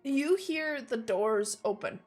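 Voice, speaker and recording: A woman's voice: on the high side, lively intonation, takes it slowly, a little mellow, faint music behind. A young woman narrating a tabletop game as game master, talking casually with filler words.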